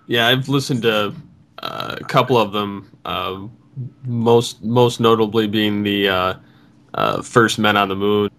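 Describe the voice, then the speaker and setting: A man's voice: lowish voice, steady tone, measured pace, a bit bright. A man hosting a podcast interview, asking casual questions in a hesitant way with many fillers. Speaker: podcast host.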